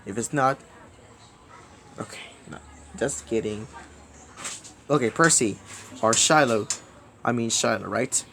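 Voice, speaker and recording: A man's voice: medium pitch, vocal fry, slight background noise. Pleading, repetitive man ranting at camera. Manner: pleading and repetitive, swings between loud outbursts and mumbling; halting, restarts words often. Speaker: video creator. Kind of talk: rambling direct-to-camera plea.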